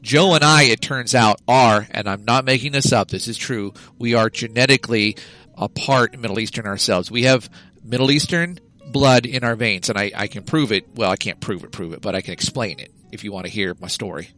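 A man hosts a podcast with a wry, storytelling manner and a medium-pitched voice. Faint music sits behind the talk. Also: fairly quick, pushed and bright, low-quality recording. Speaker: podcast host. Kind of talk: casual podcast banter.

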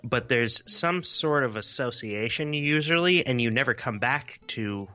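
A man's voice: medium pitch, expressive, measured pace, pushed and bright, faint music behind. A man in his forties co-hosting a casual podcast, rambling and self-deprecating, swearing freely. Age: 40s. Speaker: podcast co-host.

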